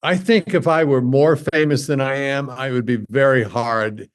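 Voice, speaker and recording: Halting, self-deprecating male guest. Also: mid-range voice, steady tone. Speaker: podcast guest. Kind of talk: casual interview chat.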